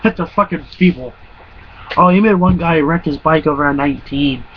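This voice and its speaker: On a muffled lo-fi clip with a faint hum, a young vlogger of about twenty rambles through casual, profane stories, laughing a lot. He speaks at a normal speed in a fairly high voice.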